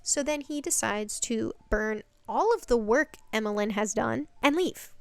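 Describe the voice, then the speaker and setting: Chatty woman with a smooth voice. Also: on the high side, unhurried, dry recording. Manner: chatty, rambling, lots of fillers and swearing. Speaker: channel host recapping a series. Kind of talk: casual recap vlog.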